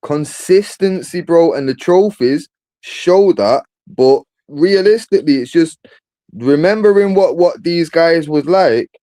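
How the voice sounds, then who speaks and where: A man holds forth in a casual football debate, pressing his point hard and peppering it with "bro". His voice sits a little high but comes out dark and mellow. The sound is dry and close. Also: lively intonation, measured pace, no room sound. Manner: emphatic, argumentative, says bro a lot. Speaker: football podcast host.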